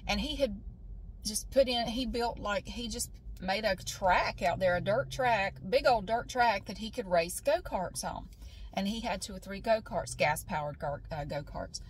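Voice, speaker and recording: Woman, late forties, casual vlog storyteller, salty and animated, faint outdoor hiss. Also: mid-range voice, normal speed, poor audio. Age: 40s. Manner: animated, laughing, swearing freely. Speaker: vlogger. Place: outdoors at a beach.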